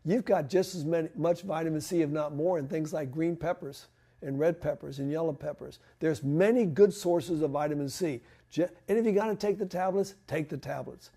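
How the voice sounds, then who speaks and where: Speaking in a church hall, a health presenter talks conversationally about home remedies, raising and answering his own questions. His voice is a little high, warm and husky, at a moderate pace.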